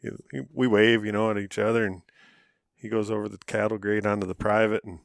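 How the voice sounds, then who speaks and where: A man with a low voice chats casually as a podcast co-host, relaxed and self-deprecating, chuckling now and then. The recording is dry and close with no room sound. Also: a little fast, vocal fry, no echo. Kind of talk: casual chat.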